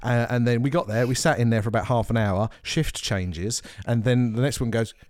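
A man's voice: mid-range voice, brisk, a little mellow, dry recording. A man, a podcast co-host, telling a story in casual chat, rambling, with many restarts.

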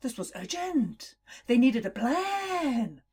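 A woman narrates a children's adventure story she is making up as she goes. Her voice sits a little high and leaps about expressively. She takes her time, drawing the words out slowly and playfully. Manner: playful, laughing, very slow and expressive.

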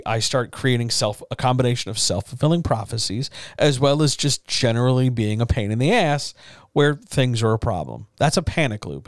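A man coaching writers in a loose, candid chat, with middle-range pitch and a calm, reassuring way of talking. He swears casually and keeps things frank. The recording sounds close and dry, with no room around it. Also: dry recording. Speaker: writing coach. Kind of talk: casual writing advice talk.

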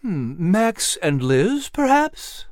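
An audiobook narrator voicing a courteous colonial courier who speaks in a sly, leisurely, gentlemanly way. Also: mid-range voice, big pitch swings, takes it slowly, dry recording, studio quality, voice pushed up. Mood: genial. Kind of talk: audiobook character voice.

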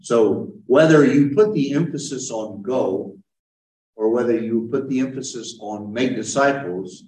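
A man's voice: medium pitch, unhurried, darkish tone. A man who is a pastor, leading a conversational Bible study with a group and answering their questions as he explains. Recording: roomy, mic far from speaker.

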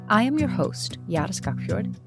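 A woman hosting a podcast and giving a scripted introduction in a steady, friendly read. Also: mid-range voice, normal speed, gravelly. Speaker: podcast host. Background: faint music.

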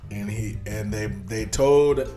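A man chatting casually about movies in an animated, profane way, acting out scenes as he retells them. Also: on the low side, takes it slowly, soft background music.

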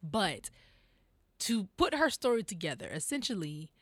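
Young woman, podcast co-host, animated chat, wide pitch swings, dry close sound. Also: normal speed, husky, no echo. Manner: animated, laughs often, mimics people in quotes. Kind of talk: casual chat.

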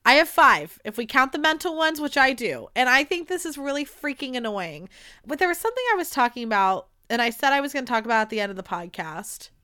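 A woman's voice: high-pitched, big pitch swings, fast, bright, forceful tone, smooth, dry recording, clean studio sound. A woman in her late twenties hosting a casual solo podcast, candid and rambling and swearing freely, her throat irritated by allergies. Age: late 20s. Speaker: podcast host.

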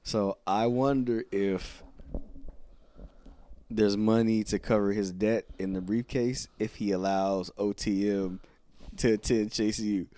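A man's voice: on the low side, steady tone, slow, warm tone. A man co-hosting a podcast, recapping wrestling shows in casual chat and acting out quoted lines. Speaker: podcast co-host.

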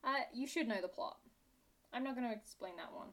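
A young British woman co-hosting a chatty podcast, her accent wandering toward Australian. She talks in a fairly high voice, joking and sarcastic, and breaks into giggles easily. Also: fairly quick. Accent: British English, drifting toward Australian. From Britain. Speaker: podcast co-host. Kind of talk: casual chat.

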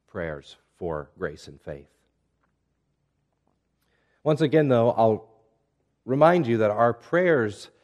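A man preaching a sermon in a measured, reflective way, asking rhetorical questions of his listeners. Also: fairly low pitch, darkish tone. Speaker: pastor.

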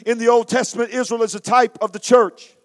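Male preacher, very high voice, dramatic storytelling sermon. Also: little pitch movement, brisk. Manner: dramatic, emphatic delivery.

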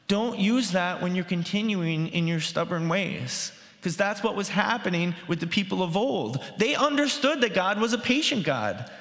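A man's voice: high-pitched, a bit bright, in a large hall. A man preaching a sermon in a conversational way, with fillers and restarts, his voice rising sharply when he quotes others.

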